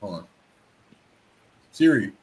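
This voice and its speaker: A man's voice: slow pace, a little mellow. A man streamer in casual chat, talking in a playful, teasing, joking way.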